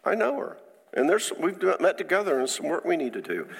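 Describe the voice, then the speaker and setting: A man speaking as a counselor, giving an informal faith-based teaching talk in a conversational, halting way with frequent restarts. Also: a little high, very animated, creaky, husky, big-room sound.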